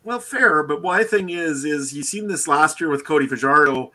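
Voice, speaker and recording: A man's voice: fairly high pitch, expressive, moderate pace, pushed and bright. A man co-hosting a sports podcast, giving opinions on players with frequent "I mean" hedges. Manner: opinionated, hedging with "I mean" and "to be honest". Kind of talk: casual sports chat.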